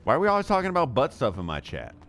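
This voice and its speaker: A man doing jokey, excitable live commentary as a streamer, talking to his chat. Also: medium pitch, rapid-fire, background noise.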